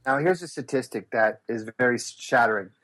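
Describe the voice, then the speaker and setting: A middle-aged man telling stories as an interview guest, acting out quotes with big jumps in his voice. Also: normal speed. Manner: lively, acts out quotes with big pitch jumps. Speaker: guest speaker and business coach. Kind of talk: animated storytelling interview.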